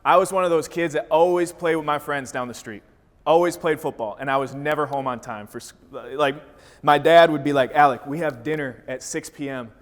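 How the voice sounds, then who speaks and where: A man's voice: on the high side, fairly quick. A man from Wisconsin giving a motivational talk, telling a story with vivid energy. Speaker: speaker. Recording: reverberant hall.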